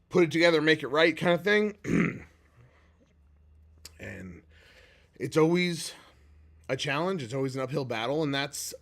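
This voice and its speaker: A man speaking live and from the heart, candid and earnest. He is emotional and close to tears, sighing and pausing as he goes. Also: a little high, expressive, creaky, a bit bright. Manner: heartfelt and candid, at times choked up with pauses and sighs. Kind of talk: emotional personal livestream talk.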